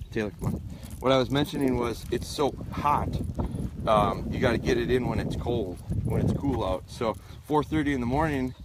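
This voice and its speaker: A man's voice: mid-range voice, very noisy. Man, middle-aged, dog trainer, casual live-stream talk, outdoors, repeats himself. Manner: casual, repeats himself, imitates whistle blasts. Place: outdoors with his dogs.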